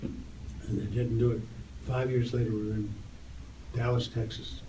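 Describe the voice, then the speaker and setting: An older man tells a story with lively energy and lifts his voice for the quoted lines. He sounds set back from the mic in an echoey room. There is a faint hum of ambience behind him. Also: medium pitch, measured pace, far from the mic. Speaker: interview guest, tour photographer. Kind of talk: animated anecdote storytelling.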